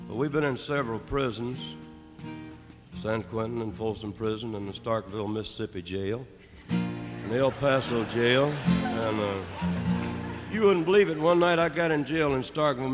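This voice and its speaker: A man telling a loose, rambling story between songs at a live concert, swearing casually as he jokes with the crowd. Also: mid-range voice. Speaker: singer performing a live show. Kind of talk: joking stage banter between songs. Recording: live hall recording with guitar.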